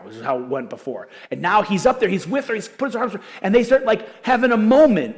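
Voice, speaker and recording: A male pastor preaching a sermon in an animated, conversational storytelling manner. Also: high voice, fast talker, big-room sound. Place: church auditorium.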